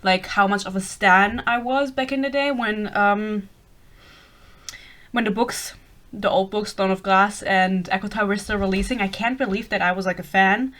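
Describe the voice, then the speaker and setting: A woman in her twenties from Germany, speaking English with a light German accent, rambling excitedly in a casual book podcast chat and swearing freely. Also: medium pitch, normal speed. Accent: German-influenced English. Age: 20s. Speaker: podcast host.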